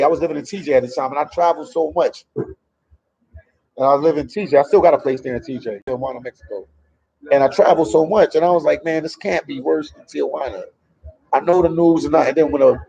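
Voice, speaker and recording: Brief: man, travel vlogger on a livestream, gravelly and slightly high voice, loose and talkative, dull lo-fi audio. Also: warm tone. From Memphis, USA. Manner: loose and talkative, reads and answers viewer comments. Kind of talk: casual livestream chat. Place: a café in El Salvador.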